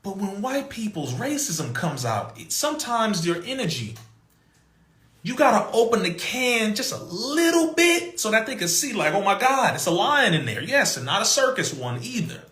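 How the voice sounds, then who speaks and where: Animated man telling a story in an echoey room. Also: high voice, normal speed. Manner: emphatic, mimics other people's voices, laughs between points. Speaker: podcast guest.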